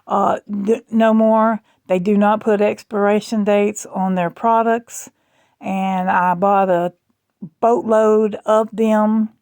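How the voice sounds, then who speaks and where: A woman vlogging at home in rambling, chatty talk with a gravelly fry. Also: medium pitch, a little mellow, dry recording. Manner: rambling, chatty, slow and drawling. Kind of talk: casual chat.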